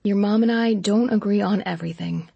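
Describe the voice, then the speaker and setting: A woman voicing a caring middle-aged stepfather who talks gently and reassuringly in an audiobook. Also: high-pitched, brisk, creaky, husky, dry recording, lo-fi sound, heavily acted. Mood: gentle reassuring.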